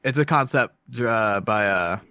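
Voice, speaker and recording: A man's voice: fairly low pitch, expressive, measured pace, sharp tone, smooth, dry recording, clean studio sound. Rambling man reviewing a film. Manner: rambling, self-conscious, many fillers and restarts. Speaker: podcast co-host. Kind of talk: casual podcast film review.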